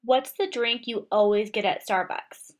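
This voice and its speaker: A woman reading out tag questions in a plain, quick way. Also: fairly high pitch. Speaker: question reader.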